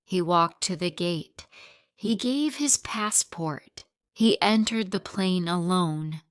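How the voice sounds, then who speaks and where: A woman reading a gentle police officer. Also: fairly low pitch, lively intonation, takes it slowly, clean tone, no room sound, studio quality. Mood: sympathetic. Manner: gentle, comforting, simple sentences. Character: kind middle-aged male police officer.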